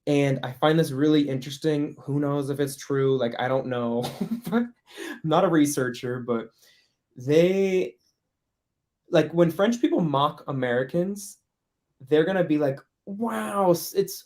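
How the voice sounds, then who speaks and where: A man's voice: a little high, normal speed, a little mellow. A man teaching French in a casual online workshop, chatty, laughing often and putting on voices for quoted speech.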